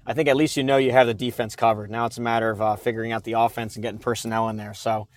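A man's voice: medium pitch, level tone, very fast, no room sound. A man guest on a podcast, talking sports in a casual, earnest way with lots of fillers. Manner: earnest, many fillers and restarts. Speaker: podcast guest, preview writer.

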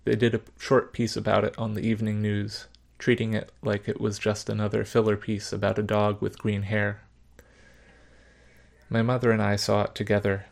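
A man narrating a story in the first person, measured, subdued and reflective. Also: lowish voice, completely flat delivery, gravelly.

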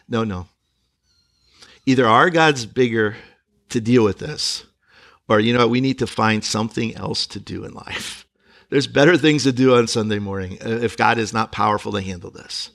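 A male pastor preaching a sermon, slowing down and pausing dramatically as he reads scripture aloud. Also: lowish voice, vocal fry, fairly bright tone.

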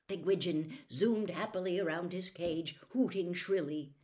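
A woman reading a novel aloud as a storyteller, with expressive, lively narration. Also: on the low side, a little slow, few pauses.

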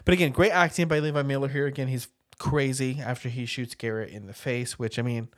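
A man's voice: medium pitch, fairly even intonation, brisk, no room sound, clean studio sound. A man co-hosting a podcast, chatting casually through a movie recap in a laid-back, rambling way with casual swearing. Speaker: podcast co-host.

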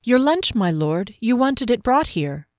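A woman voicing a meek young maid in an audiobook, speaking softly and deferentially. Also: a little high, sing-song, unhurried, dry recording, studio quality, pitched above the performer's own voice. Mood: timid. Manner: meek, murmuring.

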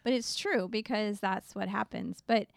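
Woman, gravelly tone, dry close sound, affirming co-host. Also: mid-range voice, moderate pace, dry recording. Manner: agreeable, frequent affirmations. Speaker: podcast co-host. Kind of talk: casual Bible-study chat.

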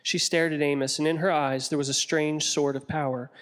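A man reading a story aloud in a measured, descriptive way, as an audiobook narrator. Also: on the high side, flat delivery, a bit bright, smooth, in a large hall.

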